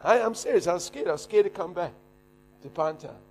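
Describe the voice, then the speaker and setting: A middle-aged man preaching, animated, shouting and laughing as he tells a story. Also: high-pitched, fast, slight background noise. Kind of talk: sermon storytelling.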